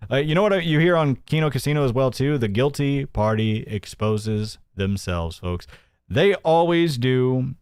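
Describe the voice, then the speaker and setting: A man's voice: mid-range voice, lively intonation, measured pace, darkish tone, smooth, no room sound. A man hosting a casual livestream news show, sarcastic and mocking, reading viewer donations aloud.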